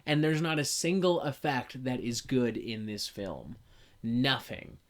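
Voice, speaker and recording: A woman co-hosting a casual chat, talking in an animated, profane way and mocking what she describes. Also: very deep voice, unhurried. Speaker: podcast co-host reviewing a film.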